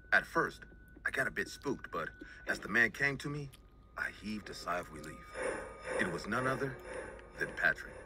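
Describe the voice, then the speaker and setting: Low-pitched man narrating a scary story. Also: noisy background. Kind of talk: scripted narration.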